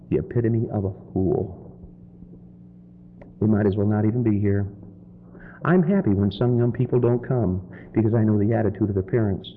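A man preaching a sermon in church, swinging from loud, high exhortation to low, quiet warning. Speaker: pastor. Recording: dull lo-fi sermon recording with faint noise.

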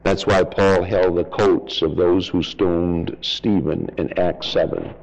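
A man preaching a fiery, blunt sermon in a folksy, mocking way, swinging from shouted highs to low asides. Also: fairly even intonation, takes it slowly, vocal fry, muffled recording.

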